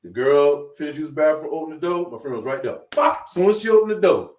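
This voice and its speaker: A man's voice: on the high side, fast talker, darkish tone, distant mic. A man in casual chat telling stories with a loose, laughing delivery, quoting people in raised voices. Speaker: instructor. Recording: echoey room, away from mic.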